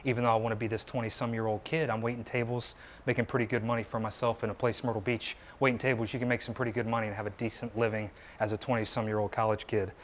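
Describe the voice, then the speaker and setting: A man's voice: lowish voice, flat delivery, fast, hardly any pauses, a little hiss or hum. A man in his thirties gives a personal story speech to a live audience at an indoor meetup, earnest and conversational, asking the crowd rhetorical questions. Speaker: motivational speaker.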